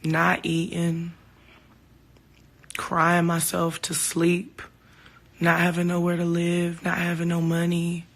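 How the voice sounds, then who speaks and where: A woman's voice: on the low side, completely flat delivery, slow, long pauses. A woman talking casually to her fans on a phone livestream, heartfelt and open, swearing now and then. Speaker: singer hosting a livestream.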